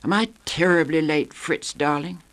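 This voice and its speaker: A man's voice: on the high side, steady tone, moderate pace, fairly bright tone, pitched above the performer's own voice, natural voice. A man voicing a flighty young English woman, a cabaret singer who gushes and coos theatrically. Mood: gushing. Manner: gushing, breathy stage coos.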